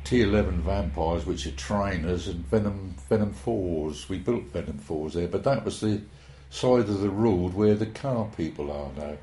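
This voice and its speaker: An elderly man tells old stories in a rambling, hesitant, folksy way. His voice sits low and mellow. The recording carries a roomy echo. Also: moderate pace, few pauses, a little hiss or hum. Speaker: interviewee. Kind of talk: oral history reminiscence.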